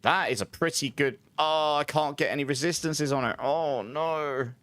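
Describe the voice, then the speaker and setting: A man's voice: on the high side, normal speed, fairly bright tone. A man giving casual, chatty gameplay commentary as a streamer, laughing often and humming little filler tunes. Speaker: game streamer.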